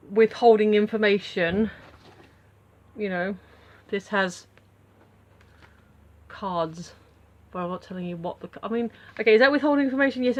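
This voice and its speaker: A woman vlogger with a medium-pitched, slightly bright voice talks casually to camera at home. She rambles through her thoughts, full of fillers and restarts.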